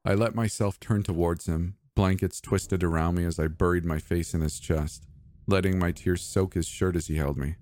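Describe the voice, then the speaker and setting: A man narrating a scripted horror story in a soft, measured, even reading. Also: low voice. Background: faint music.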